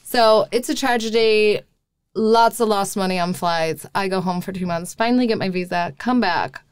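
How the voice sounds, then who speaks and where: Woman, 30s, podcast guest; lively storyteller, mid pitch, dry close mic. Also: moderate pace, clean tone, no room sound. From Wisconsin, USA. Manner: lively, acts out quoted exchanges. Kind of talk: casual storytelling chat.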